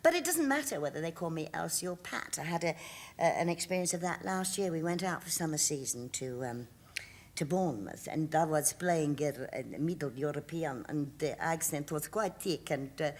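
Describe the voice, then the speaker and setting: On a TV talk show, a woman in her sixties appears as a guest, chatting casually, telling stories and laughing a lot. Her voice is deep and expressive, and she speaks at a moderate pace in the studio.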